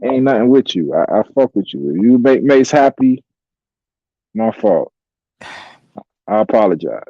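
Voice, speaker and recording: A man's voice: mid-range voice, sing-song, unhurried, vocal fry, no echo. A man in casual chat, slangy and laughing often, on dull lo-fi audio.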